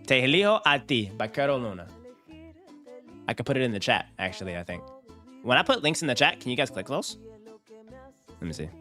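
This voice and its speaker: A man's voice: sits low, pushed and bright. A man hosting a casual live stream, hyped and slangy, talking to his chat. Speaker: finance streamer.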